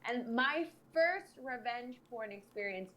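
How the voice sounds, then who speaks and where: A woman's voice: a little high, animated, slow, fairly bright tone. Blunt, foul-mouthed woman in her twenties. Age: 20s. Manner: blunt, heavily profane, sassy. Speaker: podcast host and sex educator. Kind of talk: casual podcast chat.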